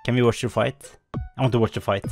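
A man hosting a gaming channel, chatting casually over gameplay and often jumping into high exclamations. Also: steady tone, fast talker, darkish tone, soft background music. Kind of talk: casual game commentary.

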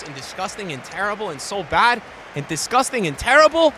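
A young man streaming a football video game, swearing and ranting, with his voice swinging from low mutters to angry shouts. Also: big pitch swings, brisk, slight background noise. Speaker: gaming streamer. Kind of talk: raging gameplay commentary.

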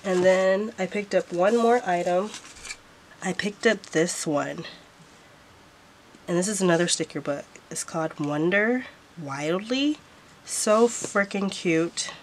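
A woman's voice: on the low side, slow pace, slight background noise. A woman vlogger showing off planner stickers in a casual haul, gushing and repeating how cute everything is.

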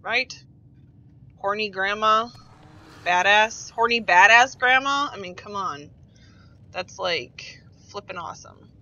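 Woman game streamer, bright and animated, rambling and giggly, dull lo-fi stream audio. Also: medium pitch, slow pace, pauses often. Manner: rambling, giggly, swears freely. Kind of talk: casual chat while playing.

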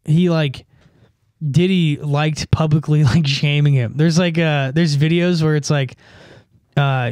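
Podcast co-host, male, slightly high voice, laughs a lot, dry close sound. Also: steady tone, darkish tone, clean tone, no echo. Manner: laughs often, quick riffing. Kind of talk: casual comedic banter.

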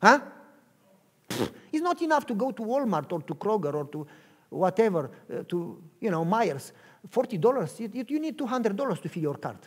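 A man preaching a sermon with a Romanian accent, acting out both sides of a dialogue and swinging from hushed lines to shouts. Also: high voice, very animated, normal speed, slightly rough. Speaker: pastor.

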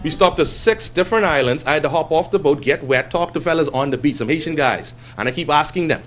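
A Bahamian man, a guest entrepreneur, tells a story to a class with an animated delivery and acts out the quotes in other voices. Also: on the high side, fast, few pauses, slight background noise. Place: classroom with a live audience.

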